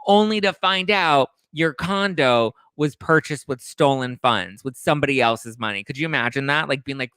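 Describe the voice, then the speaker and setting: Young guy doing a gossip livestream, chatty and animated, bright crisp voice, dry close sound. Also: normal speed, hardly any pauses, no echo. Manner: chatty, animated, swings into high exclamations. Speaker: livestream host reading chat. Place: home in a city apartment.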